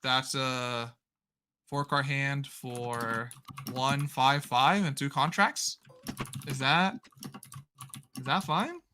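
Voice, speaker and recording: Guy from puerto rico on a card game stream, bright voice, rambly, keeps fixing his words. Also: mid-range voice, drawn-out words, long pauses, slight background noise. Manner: rambling, self-correcting, reads chat aloud. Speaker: stream co-host. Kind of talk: casual gameplay chat.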